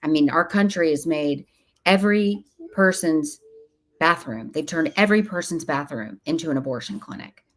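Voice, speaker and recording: A woman's voice: low voice, lively intonation, moderate pace, a bit bright. A woman speaking as an interview guest, earnest and emphatic, sometimes acting out what other people say. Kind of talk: casual interview talk.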